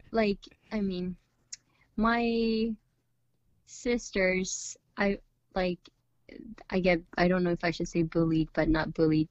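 A woman's voice: fairly low pitch, darkish tone, no room sound, muffled recording. A woman, a shy, hesitant guest who takes her time to think before answering. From India. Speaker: interview guest. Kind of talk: casual interview chat. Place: calling in from home.

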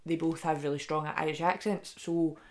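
A young woman co-hosting a casual film chat, talking fast and loose with lots of "like" and acted-out quotes. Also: deep voice. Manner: chatty, heavy use of "like", animated quoting. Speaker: podcast co-host.

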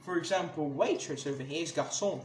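Man ranting on a podcast, high voice, angry and swearing, echoey room, noticeable background noise. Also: brisk. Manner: angry, swears a lot, many restarts. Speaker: podcast host. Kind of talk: casual ranting monologue.

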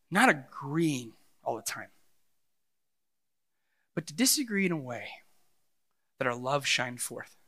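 A middle-aged man preaching a sermon as pastor, animated and swinging between loud passages and hushed ones. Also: mid-range voice, slow pace, long pauses.

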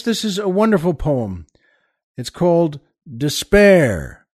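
A man's voice: medium pitch, darkish tone, no echo, studio quality. A man hosting a comedy podcast, telling a joke in a rambling, folksy way with many hesitations. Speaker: podcast host. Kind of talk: comic storytelling and joke telling.

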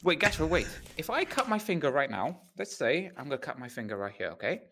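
A man's voice: a little high, big pitch swings, fast, noisy background. A British man and father, a podcast guest, telling anecdotes and arguing about word choices with mild indignation. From United Kingdom. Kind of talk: casual chat.

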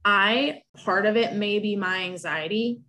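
A young woman talks through a personal story in a loose, chatty way. She gets emotional, rambles, and keeps restarting her sentences. Her voice sits at an ordinary middle pitch for a woman. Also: unhurried, pushed and bright.

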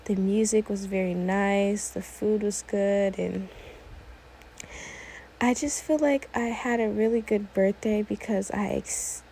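An eighteen-year-old woman talking alone on her own podcast, her voice mellow and low in tone with a lot of vocal fry. She rambles and wanders off topic, filling her speech with "like" and "oh my gosh.". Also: fairly even intonation, slow pace, a little hiss or hum, poor audio. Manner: rambling, often sidetracked, many "like"s. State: a little emotional, teary. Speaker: podcast host. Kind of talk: casual solo podcast monologue.

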